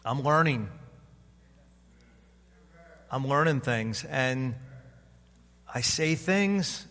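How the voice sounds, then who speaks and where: A man's voice: medium pitch, lively intonation, drawn-out words, fairly bright tone, long reverb tail. A man in his fifties, a pastor preaching an informal, conversational sermon and acting out other people's voices. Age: 50s. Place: church sanctuary.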